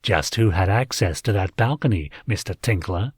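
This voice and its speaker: Man reads frustrated alien officer, slow mutter. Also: low-pitched, expressive, breathy edge, no room sound, clean studio sound, heavily acted. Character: irritable alien police officer.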